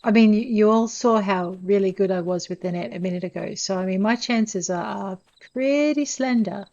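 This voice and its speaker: Speaking at a moderate pace, this gameplay narrator is a woman with a mid-range voice who keeps her let's-play commentary laid-back, chatty, and self-mocking, addressing viewers directly. Her recording has a slightly muffled, low-fidelity quality typical of a simple home mic.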